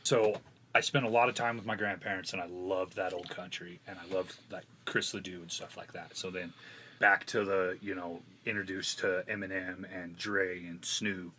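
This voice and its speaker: Bright-voiced rambling storyteller man. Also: low voice, steady tone, normal speed, a little hiss or hum. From Wyoming. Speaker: guest musician. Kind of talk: casual podcast chat.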